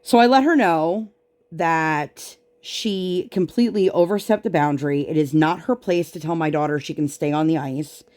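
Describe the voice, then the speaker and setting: A woman's voice: deep voice, darkish tone. A woman vlogger chatting casually while she crafts, venting her frustration as she retells an argument.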